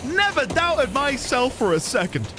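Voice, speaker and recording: A British man streaming a video game, chatting to viewers in an animated, self-mocking way. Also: very high voice, a little slow, very noisy. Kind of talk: gaming commentary.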